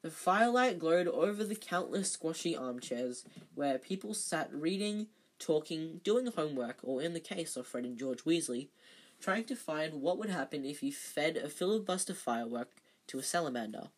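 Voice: medium pitch, expressive, moderate pace, a little hiss or hum. An amateur reader casually reading a novel aloud, stumbling and correcting themself now and then. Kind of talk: casual read-aloud narration with slips and self-corrections.

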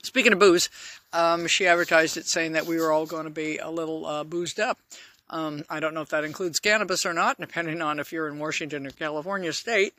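A woman's voice: low-pitched, steady tone, brisk, fairly bright tone, dry recording. A woman hosting her own podcast, talking in a rambling, chatty way with blunt, outspoken asides. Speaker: podcast host. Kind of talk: casual solo podcast monologue.

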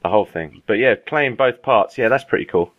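A man co-hosting a casual film podcast, chatty and quick, often repeating words as he goes. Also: fairly low pitch, no room sound, dull audio. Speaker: podcast co-host.

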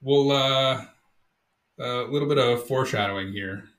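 A man co-hosting a podcast, reading out news updates in a steady, upbeat casual chat. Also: medium pitch, normal speed, roomy sound. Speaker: podcast co-host.

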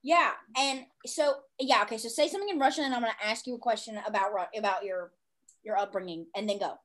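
A woman hosting a casual interview, bubbly and swearing freely, breaking into loud laughter. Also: on the high side, fast. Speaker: podcast host.

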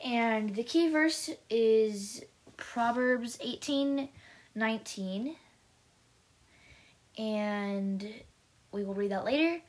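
A woman's voice: fairly high pitch, darkish tone. A woman hosting a devotional show, reading a children's story aloud in an upbeat, chatty way, often stumbling and correcting herself. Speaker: host.

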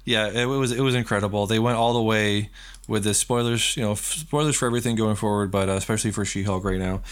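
A man co-hosting a podcast, chatting casually and rambling as he retells scenes with quick acted-out quotes. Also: on the low side. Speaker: podcast co-host. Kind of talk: casual chat.

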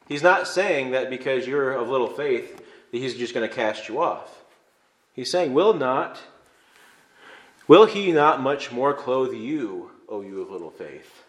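A male pastor from Illinois delivers a sermon in a conversational, emphatic way that builds into fervent stress. His voice sits at an ordinary middle pitch. The church room around him rings with a noticeable echo. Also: lively intonation, measured pace. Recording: echoey room.

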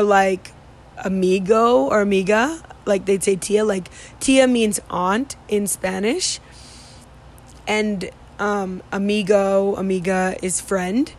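A woman's voice: mid-range voice, a little mellow. A young woman casually telling a story, rambling with many fillers and restarts. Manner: rambling, many fillers and restarts, mimics Spanish street calls. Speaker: vlogger recounting study abroad.

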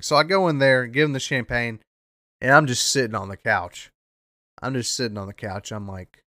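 A young man hosting a podcast, telling a story in a rambling, profane way, repeating himself and bursting into loud rants. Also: mid-range voice, moderate pace, no echo, clean studio sound. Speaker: podcast host. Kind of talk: casual storytelling monologue.

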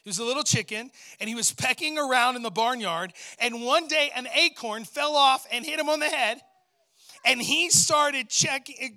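High bright-voiced preacher. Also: male voice, normal speed. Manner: animated, storytelling preacher calling out to the congregation. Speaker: pastor. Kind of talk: sermon.

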